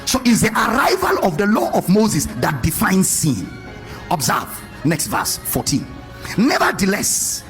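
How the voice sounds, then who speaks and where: A man preaching with a high, bright voice that leaps up and down. He questions his listeners and stretches key phrases into a sing-song. Faint music sits under his voice. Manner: animated, questioning the congregation, sing-song emphasis. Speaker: pastor. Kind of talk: sermon.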